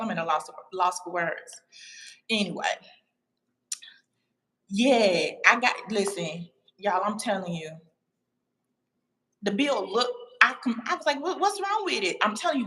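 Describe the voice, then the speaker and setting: A woman hosting a casual livestream, chatting to her viewers in an animated way and laughing often. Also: mid-range voice, a little slow, pauses often, low-quality recording. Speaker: livestream host. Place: home abroad.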